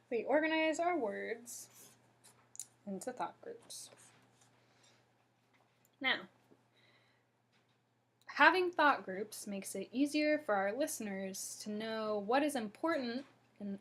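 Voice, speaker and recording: A woman teaching a pronunciation lesson to a class, speaking deliberately and demonstrating rises and falls in her voice. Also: mid-range voice, a bit bright. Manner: slow, deliberate, demonstrating intonation.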